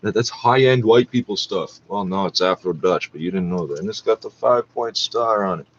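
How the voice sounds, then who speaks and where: Angry guy ranting, cursing a lot, muffled low-fi recording with light noise. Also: brisk. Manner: profane, ranting, acts out other people. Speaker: internet radio talker. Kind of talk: angry monologue over a radio feed. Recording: dull lo-fi mic with faint noise.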